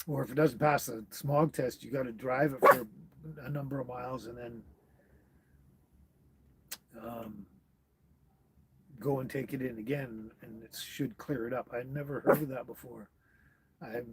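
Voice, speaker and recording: A man's voice: medium pitch, breathy edge. A man hosting a casual livestream, rambling with many fillers as he answers viewer comments. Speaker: livestream host. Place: tiny house on wheels. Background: dog barking.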